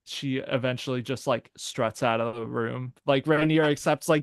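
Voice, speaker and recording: A man co-hosting a live review show, agreeable and eager, speaking in quick bursts with fillers. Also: mid-range voice, creaky, no echo, studio quality. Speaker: podcast co-host. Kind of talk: casual review chat.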